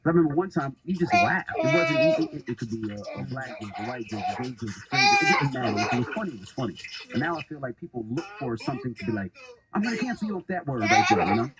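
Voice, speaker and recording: A man hosting a casual interview, asking quick, eager questions and chiming in with short affirmations. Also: medium pitch, wildly swooping pitch, highs cut off. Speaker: interview host.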